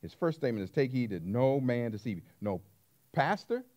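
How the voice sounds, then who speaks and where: A man preaching a sermon as pastor, emphatic, swinging between hushed asides and loud stressed words. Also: medium pitch, sing-song, brisk.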